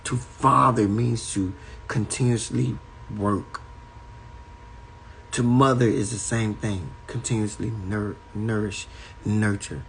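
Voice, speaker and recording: A man's voice: lowish voice, steady tone, slow pace, gravelly, slight background noise, rough recording. A man giving a spiritual talk on a livestream from a home, in an emphatic, repetitive preaching cadence. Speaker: spiritual teacher. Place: at home indoors.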